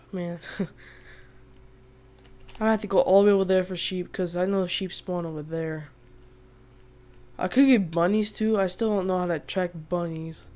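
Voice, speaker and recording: A woman hosts a gaming video, her lowish, slightly mellow voice steady and unhurried, with long pauses. She gives casual, chatty let's-play commentary on a survival game, laughing often and blowing up in exasperation at the animals.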